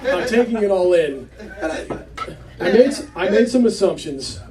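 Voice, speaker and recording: Stand-up comic taped from the back. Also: male voice, sits high, expressive, normal speed, warm tone. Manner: conversational, rambling with fillers, acts out quotes. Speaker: stand-up comedian. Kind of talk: stand-up storytelling. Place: small comedy club. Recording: club set taped from a distance, crowd laughter.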